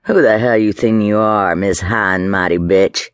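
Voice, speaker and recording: A man's voice: lowish voice, normal speed, clear, resonant tone, dry recording, close to an everyday voice. A man voicing a vicious drunken brute who speaks in a coarse, snarling, threatening way. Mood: menacing.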